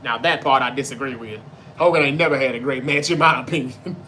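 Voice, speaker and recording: Bright-voiced Southern man, loose and profane. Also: medium pitch, fast talker, a little hiss or hum. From Memphis, Tennessee. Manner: loose, profane, talks straight to viewers. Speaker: livestream show host. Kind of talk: casual chat reading viewer comments.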